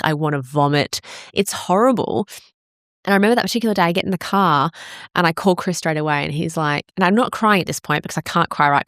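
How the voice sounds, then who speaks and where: A woman's voice: on the low side, no echo, clean studio sound. A woman in her forties, a fitness coach, talking frankly and swearing freely in a candid personal monologue. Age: 40s.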